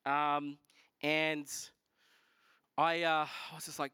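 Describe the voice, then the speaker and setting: Male pastor, lively storytelling sermon, high voice, dry sound. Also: unhurried, smooth, no room sound. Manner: animated storytelling, voices others in quotes. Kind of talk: sermon testimony.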